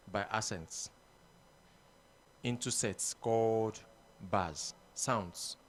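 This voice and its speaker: A male choir teacher with a Nigerian English accent reads music definitions very slowly and deliberately. He repeats each phrase, and a faint background hiss sits behind his voice. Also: fairly low pitch, a bit bright. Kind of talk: reading out lesson definitions.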